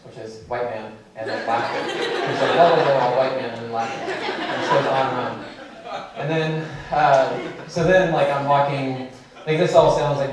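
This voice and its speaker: A man's voice: medium pitch, a little hiss or hum. A man giving a keynote talk, telling a personal story in a loose, conversational way with many fillers. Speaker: keynote speaker. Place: large lecture hall. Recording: echoey hall, mic from a distance.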